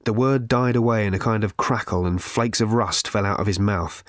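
A man narrating an audiobook in a measured, wry storytelling manner. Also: fairly low pitch, no echo, clean studio sound. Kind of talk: scripted narration.

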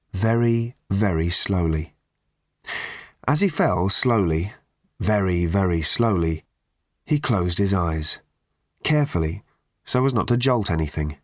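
A man narrating an audiobook in a measured, deliberate way with drawn-out pauses. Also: fairly low pitch, no echo, clean studio sound. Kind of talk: scripted narration.

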